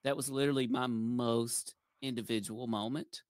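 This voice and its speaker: A man's voice: medium pitch, steady tone, moderate pace, no echo. A man, a former game show contestant, talking in a jovial, folksy, playfully boastful way in a casual group chat.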